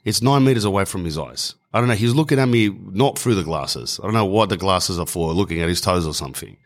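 A man's voice: deep voice, animated, fast. An Australian man telling a rambling, slangy comic story, often correcting himself mid-sentence. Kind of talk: comedic storytelling monologue.

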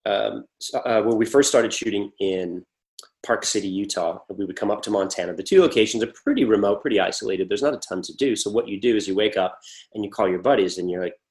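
A man with a somewhat low voice chats through an interview. He rambles, restarts and acts out little quoted exchanges while telling stories about work and friends. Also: fast. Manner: rambling, animated storytelling with acted-out quotes. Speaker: actor guest. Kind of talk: casual interview talk.

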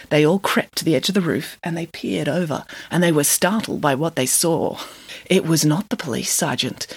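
A woman's voice: low-pitched, moderate pace, slightly rough, no echo. A woman playfully reading a children's story aloud as a storyteller. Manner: playful, lively read-aloud.

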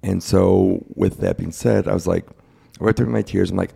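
Low gravelly-voiced young man, candid. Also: fairly even intonation, moderate pace, dark tone. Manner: candid, plain-spoken, quotes others in his retelling. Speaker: guest sharing his cancer story. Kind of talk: casual interview talk.

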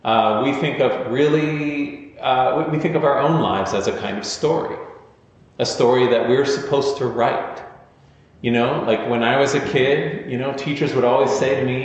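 A man's voice: medium pitch, moderate pace. Male pastor, mid-range voice, chatty storytelling sermon, long hall reverb. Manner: informal, storytelling, self-deprecating asides. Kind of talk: conversational sermon. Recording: echoey hall, dull lo-fi sound.

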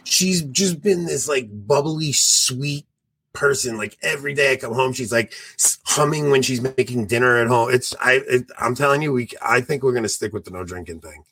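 A man in his forties co-hosting a podcast, telling stories in a lively, animated way and acting out what people said. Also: medium pitch, normal speed, husky, dry recording. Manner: animated storyteller, acts out quoted voices. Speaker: podcast co-host. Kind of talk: casual chat.

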